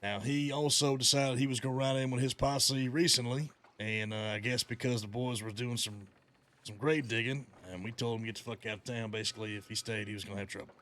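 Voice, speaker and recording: A man's voice: mid-range voice, fairly even intonation, brisk, fairly bright tone. A man in character as a western outlaw gang leader, giving orders in a profane, folksy drawl over a headset mic. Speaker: gang leader in role-play.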